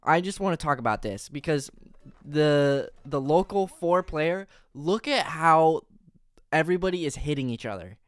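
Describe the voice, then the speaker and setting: A young man reacting live on a stream, excitable and rambling, out of breath with enthusiasm and breaking into loud bursts. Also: fairly high pitch, moderate pace, no room sound.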